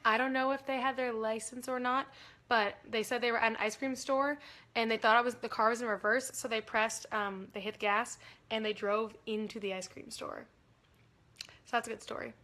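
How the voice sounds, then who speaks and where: A woman's voice: fairly high pitch, little pitch movement, moderate pace, sharp tone. A young woman hosting a casual livestream, chatty and giggly, rambling through stories. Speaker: livestream host.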